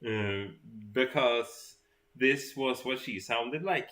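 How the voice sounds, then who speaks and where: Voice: medium pitch, takes it slowly, a bit bright. A guest from Sweden chatting casually on a live stream, telling stories with dry jokes.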